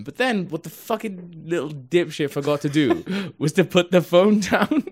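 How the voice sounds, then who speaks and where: Male podcast host, casual storyteller, swings his pitch around a lot, swears freely. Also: measured pace, few pauses, breathy edge. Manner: animated storytelling, swearing, laughing. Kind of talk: casual chat.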